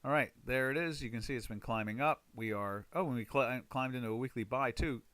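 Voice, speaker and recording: A man from the United States hosts a live webinar, talking loosely and rambling between points. His voice is bright and forceful. The recording is dry and close. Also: mid-range voice, fairly quick, dry recording. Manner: chatty, rambling, exclaims loudly in frustration. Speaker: trading webinar host. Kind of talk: casual live webinar talk.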